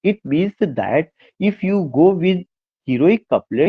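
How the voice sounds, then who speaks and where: A man with an Indian English accent lectures an online class on poetry. His voice sits somewhat high and comes through muffled, lo-fi audio. He repeats key points, poses rhetorical questions and switches between English and Hindi. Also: animated, takes it slowly, breathy edge. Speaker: literature teacher.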